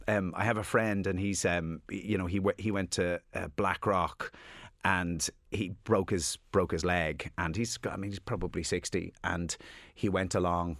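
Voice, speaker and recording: An Irish man with a low, deep voice chats as a radio guest, self-deprecating and full of restarts. The sound is dry and close, straight into a studio mic. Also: steady tone, moderate pace, fairly bright tone, dry recording. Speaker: author guest. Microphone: studio microphone.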